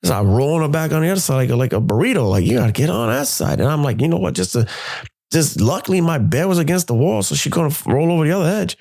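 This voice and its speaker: Man, podcast host, storytelling, gravelly, mellow dark tone, animated, cusses. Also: on the high side, fast talker. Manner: animated, profane, acts out quotes. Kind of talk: personal storytelling.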